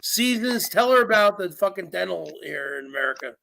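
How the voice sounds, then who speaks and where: A man's voice: high-pitched, expressive, a little fast, vocal fry, sharp tone, no room sound. A man hosting a casual live stream who talks bluntly, repeats himself and swears freely. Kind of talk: casual chat.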